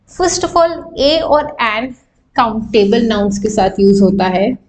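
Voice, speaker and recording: A young woman with an Indian English accent teaches grammar in a live online class, explaining slowly and posing rhetorical questions to the class. Her voice is fairly high and expressive.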